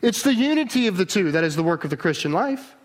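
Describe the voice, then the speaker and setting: A man with a fairly high voice preaching a sermon. He talks earnestly and with emphasis, often stopping to restart a thought or to put a rhetorical question to the listeners. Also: sing-song, quick pace.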